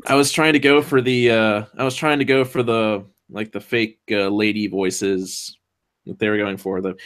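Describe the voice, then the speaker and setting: A man's voice: on the low side, fairly even intonation, normal speed, a bit bright. Hesitant man in casual chat. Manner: hesitant, many ums and restarts.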